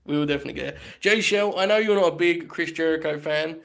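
A man hosting a casual wrestling review podcast, animated and profane, laughing often as he talks. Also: on the high side, quick pace, gravelly. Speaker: podcast host.

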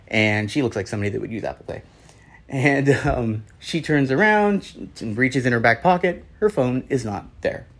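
A man hosting a podcast, talking through a news story in a rambling, opinionated way and acting out what people said. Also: mid-range voice. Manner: rambling, opinionated, acts out quotes. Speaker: podcast host. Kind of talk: casual commentary monologue.

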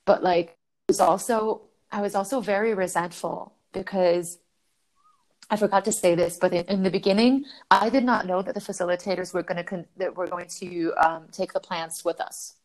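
A woman's voice: lowish voice, steady tone, normal speed, darkish tone. A woman talks casually as a podcast guest, telling a personal story with lots of energy. She laughs easily and swears without fuss. She keeps slipping into voicing her own thoughts in quotes.

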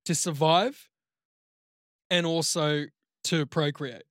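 A man's voice: fairly high pitch, fairly even intonation, slow, dry recording, studio quality. A man with an Australian accent, co-hosting a podcast and telling a long, crude story full of swearing and "like". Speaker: podcast co-host. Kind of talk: casual chat, rambling anecdote.

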